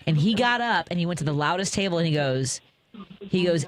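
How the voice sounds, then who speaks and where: A middle-aged woman hosting a talk radio show, telling personal stories with animated swings and quick asides into a studio microphone. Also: fairly low pitch.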